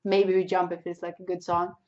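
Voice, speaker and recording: A woman's voice: fairly low pitch, monotone, fairly quick, a little mellow. A young Swedish woman with a Swedish accent, chatting casually and bluntly, swearing freely. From Sweden. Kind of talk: casual chat. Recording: dull lo-fi sound.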